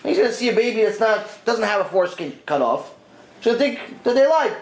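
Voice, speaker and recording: A man voicing a kind, eager Roman noblewoman who asks quick, insistent questions. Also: a little high, sing-song, voice pushed up. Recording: echoey room.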